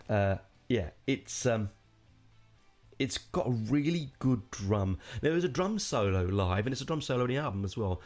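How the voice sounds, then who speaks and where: A man's voice: on the low side, normal speed, darkish tone. A man hosting a podcast, reviewing a metal album in a casual, rambling way, enthusiastic, with plenty of fillers and casual swearing.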